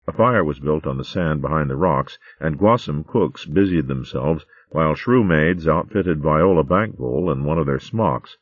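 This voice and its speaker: A man with a deep, low voice narrates a storybook. His reading is animated and expressive, with wide swings in pitch. The audio is narrow and phone-like, recorded dry with no room sound. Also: a little slow, hardly any pauses, no room sound.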